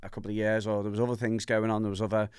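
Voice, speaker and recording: A host from Merseyside, telling a candid personal story on a podcast and acting out the voices in it. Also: male voice, fairly low pitch, racing, smooth, no echo, clean studio sound. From Merseyside, England. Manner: animated, acts out voices in his anecdotes.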